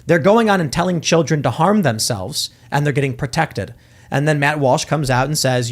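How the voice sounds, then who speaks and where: A man's voice: a little high, moderate pace. A man hosting a political talk show, arguing his point emphatically in casual chat. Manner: emphatic, argues with acted-out quotes. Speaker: podcast host.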